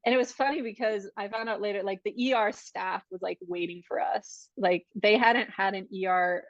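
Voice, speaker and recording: A woman speaks in a lively conversational style, acting out quotes as she tells a personal story. Her voice sits in a middle range. The recording is dry and a little dull, with little room sound. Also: mid-range voice, normal speed, no room sound. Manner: animated, acts out quoted dialogue. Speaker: podcast guest. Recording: dull, dry podcast audio.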